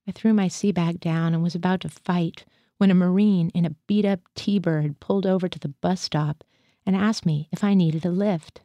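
A woman reading a first-person literary short story aloud in a steady, measured way. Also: on the low side, dry recording. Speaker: reader.

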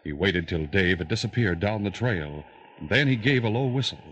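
Deep-ish guy narrating old radio drama, measured, faint hiss behind. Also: animated, a bit bright. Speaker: announcer and narrator.

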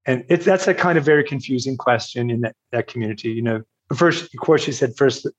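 A man from Virginia telling a personal story in a casual, halting way, with fillers and laughs. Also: mid-range voice, muffled recording. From Virginia, USA.

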